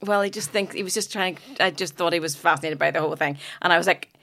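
A woman's voice: on the low side, fairly bright tone. A woman who works as a sex and relationship coach, chatting casually and bawdily, teasing and laughing easily. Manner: bawdy, laughing, quick to tease. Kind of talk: casual podcast chat.

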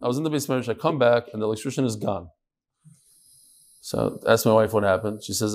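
A man's voice: on the low side, fast, pauses often. A man teaching an informal Talmud class in a room with listeners, chatty, with joking asides and Hebrew and Yiddish terms.

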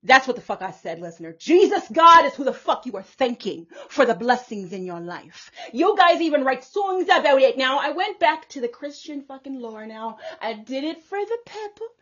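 A woman with a husky, breathy voice pitched a little high preaches in a fierce, profane monologue. She hammers her points with emphatic repetition. The recording is dull and lo-fi. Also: sing-song, normal speed, hardly any pauses, a bit bright. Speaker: self-styled prophetess.

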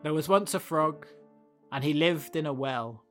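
A man hosting a podcast, telling a fable and then reflecting on it in a gentle, thoughtful way. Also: a little high, a little slow, faint music behind. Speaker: podcast host. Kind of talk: storytelling and reflective commentary.

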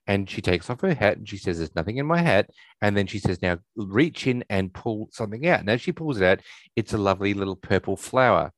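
Low-voiced male co-host who rambles through film recaps, dry close mic. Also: expressive, fairly quick, no room sound, poor audio. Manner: rambling, retelling scenes with many restarts. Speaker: podcast co-host. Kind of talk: casual movie recap chat.

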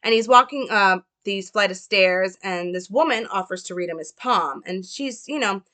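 A woman's voice: medium pitch, normal speed, pushed and bright. A young woman talking casually as she analyzes a film, chatty and hedging. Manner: chatty, hedging, full of fillers. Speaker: film commentator.

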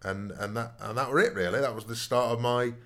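A man's voice: mid-range voice, a little fast, a bit bright. A man telling long, rambling stories in a casual podcast chat, often adding "you know what I mean". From Nottingham, England. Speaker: podcast co-host.

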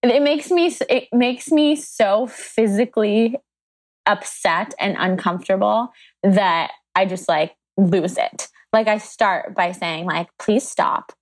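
A woman hosting a podcast in casual chat, telling stories with lively voiced reactions. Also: medium pitch, takes it slowly. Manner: animated, storytelling with voiced reactions. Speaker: podcast host.

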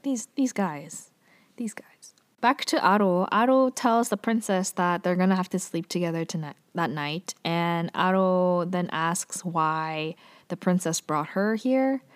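A woman's voice: lowish voice, unhurried. A woman giving a casual, chatty recap of a TV drama episode, sprinkling her talk with "like" and fillers. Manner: chatty, heavy use of "like" and filler.

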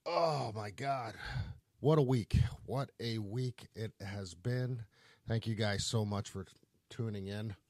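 A man's voice: on the low side, takes it slowly, darkish tone, dry recording. A man hosting a casual solo podcast, rambling in a laid-back way, often saying "man" and cursing. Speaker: podcast host.

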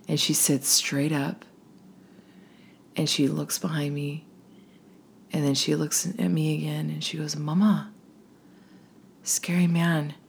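A woman hosting a podcast, telling a personal story and dropping into a hushed, whispery voice at the tense parts. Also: low-pitched, flat delivery, unhurried, vocal fry, long pauses, slight background noise.

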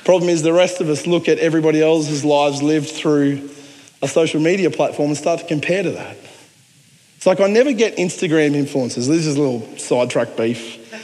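A man's voice: fairly high pitch, fairly quick, darkish tone. Man, Australian accent, pastor, sermon, earnest with joking asides, long hall reverb.

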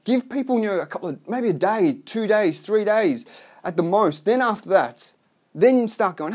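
A man's voice: high voice, expressive, a little fast. A man delivering a blunt, profane, rambling rant to his online business followers. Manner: rambling with restarts. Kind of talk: ranting vlog monologue.

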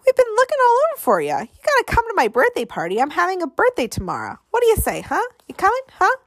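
A woman voicing an excited, pushy young boy in an audiobook, high and eager, rushing his words. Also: no echo, exaggerated voice.

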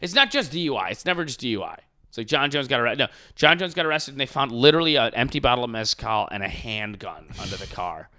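A young man in casual podcast chat, telling stories in a profane, animated way. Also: medium pitch, fast, few pauses.

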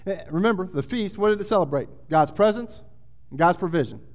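A man's voice: high-pitched, lively intonation, a little fast. A man preaching a sermon, reading scripture aloud and building in intensity. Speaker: pastor. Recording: long hall reverb.

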